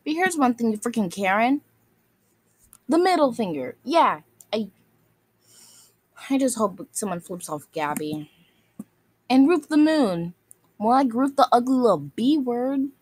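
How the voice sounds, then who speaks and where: In an unhurried, sing-song delivery with long pauses, a woman with a darkish voice on the high side berates other video makers. Her rant is scolding and insulting, and she keeps repeating the same lines.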